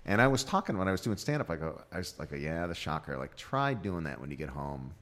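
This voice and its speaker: A man telling dirty jokes in a casual chat, acting out the characters' lines with big jumps in his voice. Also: quick pace. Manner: animated storyteller, acts out voices with loud jumps in pitch. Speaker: comedian guest.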